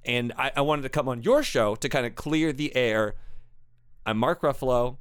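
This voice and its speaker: A man's voice: mid-range voice, lively intonation, normal speed, smooth, no room sound, clean studio sound, close to an everyday voice. A man playing a flustered celebrity actor in an improvised comedy sketch, stammering and exasperated. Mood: defensive. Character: flustered male celebrity actor being interviewed.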